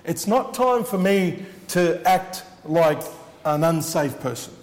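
A man's voice: a little high, expressive, takes it slowly, in a large hall. A man preaching a sermon as he shares his testimony, earnest and repeating his words for emphasis.

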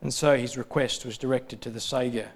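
A man preaching a sermon in a steady, rhythmic cadence, building lists of parallel phrases. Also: mid-range voice, brisk, breathy edge.

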